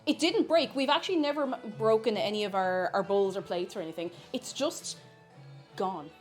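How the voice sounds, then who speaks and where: A woman's voice: mid-range voice, normal speed, soft background music. An Irish woman live-streaming from her kitchen while baking, chatting casually, reading viewers' messages aloud and laughing often.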